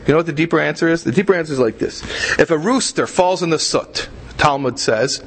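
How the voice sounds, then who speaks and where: A man's voice: on the high side, fairly bright tone, husky, low-quality recording. A man teaching a religious class in a conversational way, repeating himself and asking rhetorical questions. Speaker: Torah teacher.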